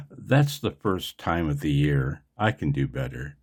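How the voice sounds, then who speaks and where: Low, husky man for a laid-back radio hobby vlog, slow and chatty, wanders off topic. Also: expressive. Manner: rambling, chatty, digressive. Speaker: amateur radio operator. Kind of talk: casual explanatory vlog.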